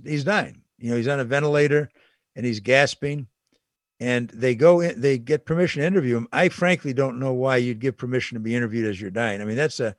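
A man, an older talk show host, delivering an opinionated monologue, indignant and animated, laughing as he rants. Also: on the high side, no echo, studio quality.

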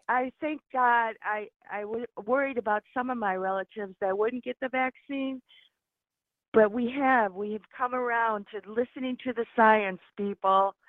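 A woman's voice: fairly high pitch, dry recording. A woman calling in to a radio show, chatting in a rambling, earnest way. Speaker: caller. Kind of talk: call-in radio chat. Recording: tinny phone line.

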